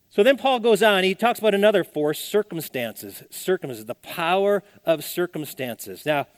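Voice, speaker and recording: A man's voice: a little high, dry recording. A middle-aged male pastor preaching a sermon in a conversational way, repeating phrases and acting out the voices of the people he quotes. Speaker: senior pastor. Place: church.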